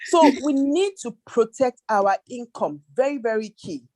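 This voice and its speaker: In a higher, expressive and somewhat mellow voice, a woman financial planner speaks unhurriedly as a panel guest. Her advice is emphatic, packed with percentages and rhetorical questions.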